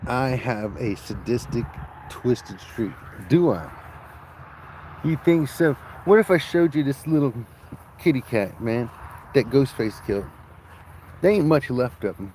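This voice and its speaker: A man vlogging outdoors on a farm, telling rambling stories in a crude, joking, rough-spoken way. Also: medium pitch, animated, measured pace, darkish tone, a little hiss or hum. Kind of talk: casual rambling storytelling.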